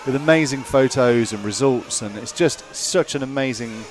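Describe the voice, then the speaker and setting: A man's voice: mid-range voice, moderate pace, slight background noise. A man co-commentating a live race broadcast in an easygoing way, also reading sponsor plugs.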